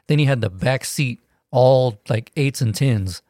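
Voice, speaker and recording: A man's voice: mid-range voice, a little slow, warm tone, no echo, clean studio sound. A man telling stories in casual chat, rambling and profane with many restarts.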